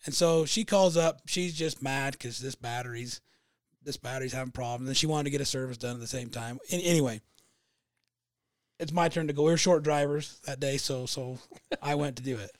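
A man co-hosting a podcast, telling a long anecdote in a relaxed, halting way with many restarts. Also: medium pitch, no echo, studio quality. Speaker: podcast co-host. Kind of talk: casual storytelling chat.

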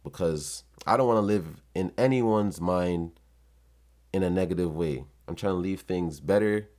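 Low-voiced guy talking straight to camera, emotional and sweary, real casual. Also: measured pace, darkish tone. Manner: earnest, emotional, swears often. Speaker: vlogger. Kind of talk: casual heartfelt monologue.

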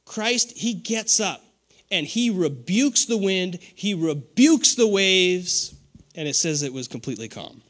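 Animated, high-pitched preaching man. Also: a little slow. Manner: animated preaching with call-and-response and laughter. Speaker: pastor. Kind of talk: sermon.

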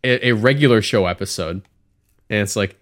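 A man's voice: on the low side, normal speed. A man co-hosting a podcast, telling a long rambling story in casual chat and acting out the characters' lines. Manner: rambling storyteller, acts out cartoon voices. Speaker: podcast co-host.

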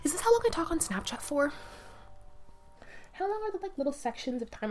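A woman's voice: mid-range voice, very animated, quick pace. Young woman, solo podcast host, rambling casual chat, filler-heavy, self-interrupting, mic on knee, sitting on bed, faint background music. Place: sitting on her bed at home. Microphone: mic balanced on her knee.

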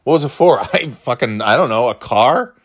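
A man's voice: medium pitch, lively intonation, normal speed. A man hosting a podcast, telling stories in a rambling, profane, self-mocking way. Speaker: podcast host. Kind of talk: casual monologue.

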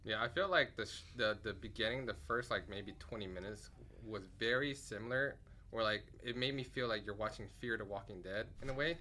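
A man hosting a casual podcast, upbeat and quick to laugh, often stumbling over and repeating words. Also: fairly low pitch, sharp tone, a little hiss or hum. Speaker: podcast host.

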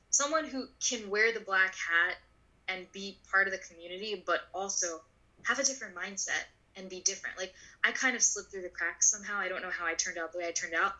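A woman in her twenties telling a personal story in an interview, animated and full of "like", acting out the voices of people in her story. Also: on the low side, poor audio. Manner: animated, acts out voices in quotes; filler-heavy, frequent "like". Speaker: guest.

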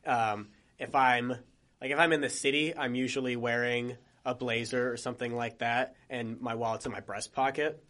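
Young man, podcast co-host, casual chat, rambling, jokey, "like" fillers, mid pitch. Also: steady tone, moderate pace, a bit bright. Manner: rambling, joking, many "like" fillers.

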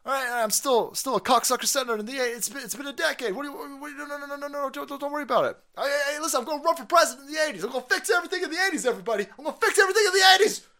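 A man's voice: sharp tone, exaggerated voice. A man putting on a rambling, aging male career politician who stammers out empty promises. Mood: mocking, rambling. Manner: high, fast, bumbling and stammering.

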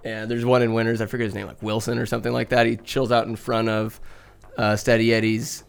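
A man's voice: lowish voice, little pitch movement, fast talker, vocal fry, clear, resonant tone. Rambling young man telling cat stories. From Northern California. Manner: rambling and chatty, with profanity and laughs. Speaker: vlogger. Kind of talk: casual rambling storytelling. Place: home room with a bookcase.

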